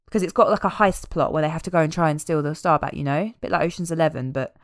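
A woman chatting casually as a podcast co-host, animated and amused as she recaps a film. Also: low voice, very fast, dry recording, clean studio sound. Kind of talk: casual chat.

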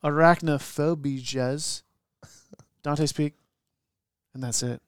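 A young man co-hosting a podcast in a playful, excitable way. His voice is smooth and clear and sits a little high. The sound is dry and close. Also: slow pace, dry recording. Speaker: podcast co-host. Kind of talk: casual chat.

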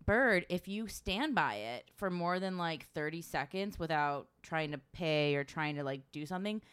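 Animated, laughing woman podcaster. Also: sits low, moderate pace, clean tone, no echo. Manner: animated, swearing, laughs often. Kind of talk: casual chat.

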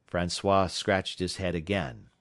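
A man from South Carolina reading a classic novel aloud as an audiobook narrator, in a measured, steady storytelling manner. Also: sits low, dry recording, clean studio sound.

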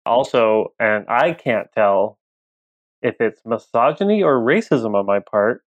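A man chatting on a podcast panel, animated, joking and stumbling into restarts. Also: mid-range voice, unhurried, dry recording, highs cut off. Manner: animated, jokes, stammers into restarts. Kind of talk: casual chat.

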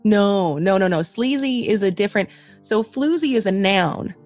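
A woman's voice: medium pitch, animated, moderate pace, darkish tone, soft background music. A woman hosting a casual podcast chat, laughing often and swearing freely. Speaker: podcast host.

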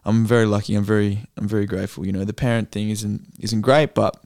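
A man's voice: fairly low pitch, steady tone, fast, a little mellow, no room sound. Aussie bloke in his 20s yarning away, swears a lot, lots of "you know", dry close mic. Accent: Australian. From Australia. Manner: swears freely, storytelling with lots of fillers. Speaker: podcast co-host, actor and comedian. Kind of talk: casual chat.

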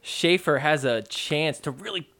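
A man's voice: fairly high pitch, measured pace, bright, forceful tone. A man hosting a podcast, giving a casual, joking play-by-play recap of matches and poking fun at the referees. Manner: joking, mocks referees in quoted asides.

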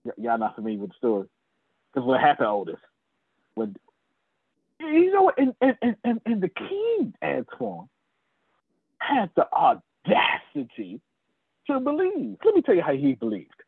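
A man's voice: on the high side, huge pitch swings, measured pace, vocal fry, pauses often, breathy edge, dry recording. A man, teaching sales like a fiery preacher, calling out listeners by name and swearing freely. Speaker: sales trainer. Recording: tinny phone-like video call audio.

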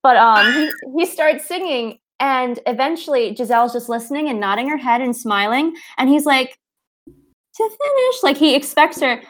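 High-voiced, enthusiastic woman. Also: moderate pace, few pauses, fairly bright tone, slight background noise. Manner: enthusiastic, quotes characters, laughs easily. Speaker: podcast co-host discussing a film. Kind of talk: casual chat.

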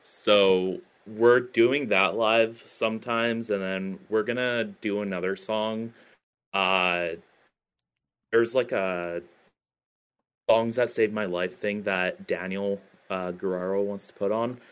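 Low-voiced man rambling hesitantly. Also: steady tone, slow pace, fairly bright tone, clear, resonant tone. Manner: hesitant, many fillers and restarts. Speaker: podcast guest, band singer. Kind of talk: casual interview chat.

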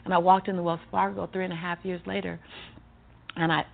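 A woman's voice: on the low side, flat delivery, fairly quick, gravelly. A woman telling her personal story in conversation, with an emphatic, repetitive preaching cadence. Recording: tinny phone-like audio with faint music.

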